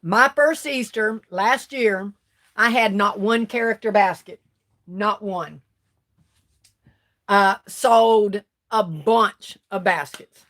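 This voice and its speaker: A woman's voice: mid-range voice, slow, a bit bright. A woman hosting a casual livestream, reading viewer comments aloud and chatting back at them. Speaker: livestream host.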